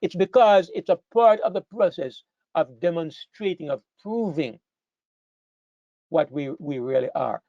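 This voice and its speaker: A man's voice: a little high, unhurried, vocal fry, no room sound, muffled recording. A man preaching a sermon to a congregation, earnest and emphatic, repeating phrases as he builds to stressed points. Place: church hall with a live congregation.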